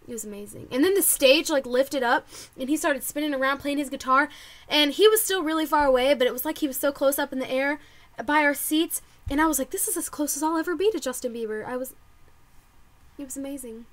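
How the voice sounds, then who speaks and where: A young woman telling a story to camera in casual vlog chat, excitable and full of "like". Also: high-pitched. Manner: bubbly, excitable, lots of "like" and quoted reactions. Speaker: vlogger.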